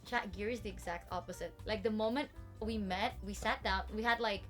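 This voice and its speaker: A woman VTuber in casual chat, giggly and animated, doing impressions of others. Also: medium pitch, a little fast, soft background music. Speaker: VTuber streamer.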